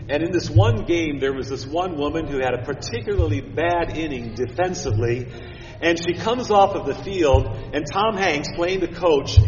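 A male pastor delivering a sermon in a slightly higher voice, dropping low and quiet then rising with emphasis. He is picked up from a distance in a big church, with a long reverb and a dull, muffled tone. A faint hiss sits under it. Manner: expressive, swings from hushed to emphatic. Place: church sanctuary. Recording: echoey church hall from far off, dull sound, faint hiss.

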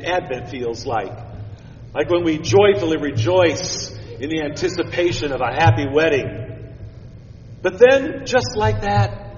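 A man's voice: high voice, slight background noise. A man, a pastor, preaching a sermon with emphatic build-ups and wry asides. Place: church sanctuary. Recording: echoey church hall, dull sound.

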